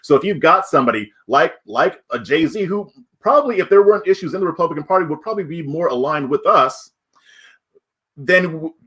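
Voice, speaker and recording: A man's voice: a little high, animated, brisk, a bit bright. Man arguing his point. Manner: argumentative, making a case with rhetorical questions. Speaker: podcast co-host. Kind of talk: casual political chat.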